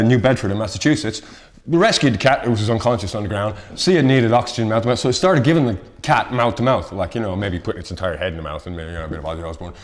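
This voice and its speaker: A man presenting a casual round-up of odd news stories on local TV, rambling and self-deprecating with quick asides. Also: mid-range voice. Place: local TV studio.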